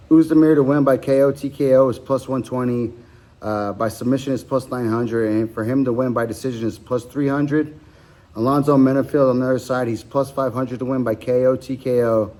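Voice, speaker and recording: A man's voice: mid-range voice, a little mellow. A man hosting a podcast, casually talking through fight betting picks, rambling with frequent ums and self-corrections. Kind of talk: casual solo betting breakdown.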